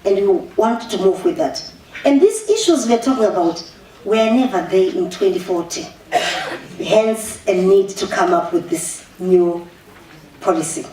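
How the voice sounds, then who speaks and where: A Zimbabwean woman official giving an animated public speech, mixing English with Shona and restarting her sentences often. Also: mid-range voice, a little slow, slight background noise. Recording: echoey room, voice far from the mic, faint ambience.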